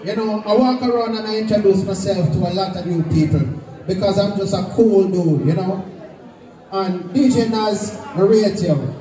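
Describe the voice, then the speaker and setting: A man's voice: sits high, moderate pace. A man from Jamaica hosting a sound clash, chatting in patois. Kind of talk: hyped dancehall hosting. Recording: loud roomy live venue from a distance. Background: crowd and dancehall music.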